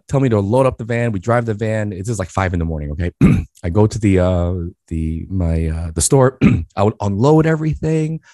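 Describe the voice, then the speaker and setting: A man from Queens, New York, sharing a story in a podcast interview, animated and full of restarts. His voice is very low and deep. The recording is close and dry, with no room sound. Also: no echo. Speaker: guest, business speaker.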